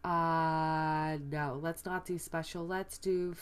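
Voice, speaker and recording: A woman hosting a let's play video, excitably commenting on the game and exclaiming at surprises. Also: deep voice, slow, clean tone. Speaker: gaming video host.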